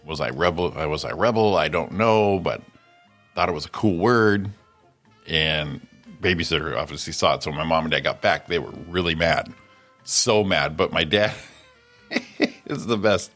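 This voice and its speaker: A middle-aged man co-hosting a casual morning show, telling stories with lots of laughter and loud mimicry. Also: low-pitched, moderate pace, long pauses, faint music behind. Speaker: co-host.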